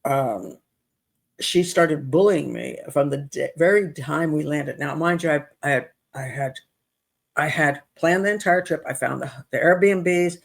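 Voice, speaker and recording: A woman's voice: deep voice, a little slow, creaky. A middle-aged woman hosting an advice show, retelling a personal story in a casual, exasperated way with many restarts. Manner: animated, exasperated retelling with self-interruptions.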